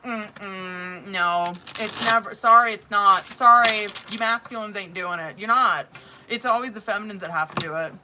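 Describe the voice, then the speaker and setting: A woman's voice: mid-range voice, normal speed, background noise. A woman giving tarot readings on a live stream in casual, profane, chatty talk that is full of laughs. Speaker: tarot reader.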